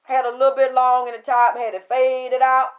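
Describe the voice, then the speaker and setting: Animated, profane woman spinning a story. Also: moderate pace, dull audio. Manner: animated, profane, excitable storytelling with sudden pitch jumps. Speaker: spiritual medium recounting a reading. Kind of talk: casual storytelling to an audience.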